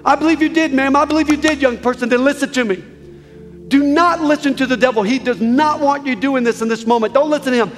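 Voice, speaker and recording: High-voiced preacher in an echoey hall. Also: male voice, fast. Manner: urgent, repetitive exhortation. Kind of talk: altar call sermon. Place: large church hall with balcony. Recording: echoey hall with soft music.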